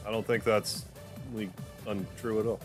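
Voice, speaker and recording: A man hosting a gaming livestream, chatting loosely while playing and cooing softly at his cat. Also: fairly low pitch, flat delivery, normal speed. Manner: rambling, loose, full of "like"; softens to a coo when talking to his cat. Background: game music.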